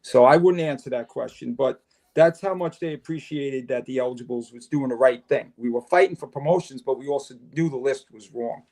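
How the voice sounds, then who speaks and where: A man's voice: mid-range voice, a little fast. An older man, a podcast guest telling long stories and acting out the conversations in them. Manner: animated storyteller, acts out dialogue. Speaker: podcast guest, retired fire chief. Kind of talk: casual storytelling interview.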